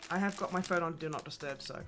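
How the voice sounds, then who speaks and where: A woman's voice: low voice, fast talker, over music. A woman from Australia with an Australian accent, co-hosting a casual livestream and joking and swearing freely. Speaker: co-host.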